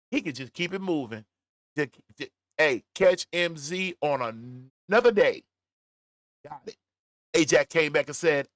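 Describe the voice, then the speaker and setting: Animated man reading chat on a stream. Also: a little high, no room sound, studio quality. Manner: animated, laughing, drawn-out emphasis. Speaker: livestream commentary host. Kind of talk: casual commentary reading live chat. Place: at home, smoking a cigar.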